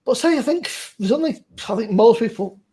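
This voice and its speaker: A woman's voice: fairly high pitch, expressive, fairly quick, mellow, husky. A woman hosting a casual chat over beers, rambling, laughing and swearing freely. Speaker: host.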